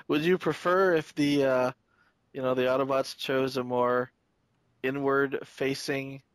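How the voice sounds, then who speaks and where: A man's voice: mid-range voice, fairly even intonation, slow pace, clean tone, no echo. A man co-hosting a podcast, chatting casually with wry, joking asides. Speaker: podcast co-host. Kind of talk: casual chat.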